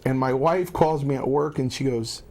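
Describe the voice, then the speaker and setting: A middle-aged man with a medium-pitched voice tells a casual story as a talk show guest. He is animated and often stumbles into restarts. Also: normal speed. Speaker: guest, former wrestler turned lawyer. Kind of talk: casual anecdote.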